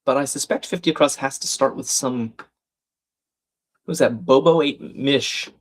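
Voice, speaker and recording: A man's voice: mid-range voice, unhurried. A man hosting a live crossword stream, thinking aloud, reading out viewers' chat comments and laughing often.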